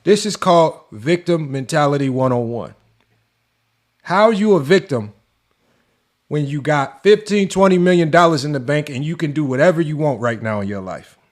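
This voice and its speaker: A man's voice: fairly high pitch, lively intonation, moderate pace. A man hosting a sports debate show, ranting in an exasperated, mocking way and firing off rhetorical questions. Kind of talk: heated commentary rant.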